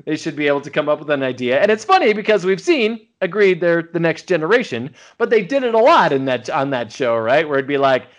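Lively, animated male podcast host. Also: fairly high pitch, fairly quick, hardly any pauses. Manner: animated storytelling, acts out quoted lines. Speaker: podcast co-host recapping an episode. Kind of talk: casual podcast chat.

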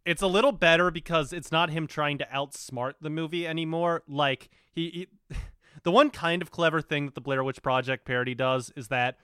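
A man's voice: fairly high pitch, steady tone, moderate pace, fairly bright tone, smooth, no room sound, studio quality. A man co-hosting a podcast, chatting loosely about a show, laughing and swearing freely. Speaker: podcast co-host. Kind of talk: casual chat reviewing a show.

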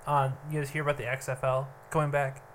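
A man's voice: mid-range voice, little pitch movement, fast talker, slight background noise. A man co-hosting a podcast, earnest and opinionated, steering the casual chat. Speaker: podcast co-host.

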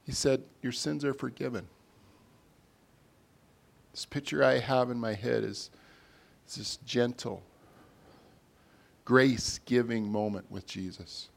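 A man, a pastor, preaching a sermon in a conversational way, his loudness rising and falling as he makes his points. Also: medium pitch, fairly even intonation, unhurried, gravelly, pauses often.

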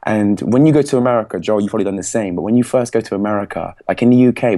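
Lively young Englishman telling his story. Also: lowish voice, fast, hardly any pauses. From England. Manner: animated, laughs often, quotes others in put-on voices. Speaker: podcast guest, speaking coach. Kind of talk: casual storytelling.

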